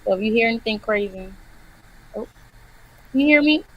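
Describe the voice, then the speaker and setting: A woman's voice: a little high, fairly quick, lo-fi sound, slight background noise. A woman hosting a casual livestream on her computer, chatting and reciting affirmations with frequent laughs. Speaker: livestream host. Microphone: computer mic.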